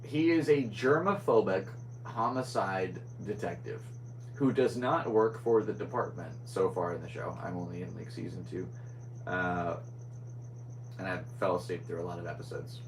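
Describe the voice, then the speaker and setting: A man's voice: deep voice, moderate pace, a little hiss or hum, rough recording. A young man hosting a casual solo podcast, rambling and scatterbrained as he chats. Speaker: podcast host.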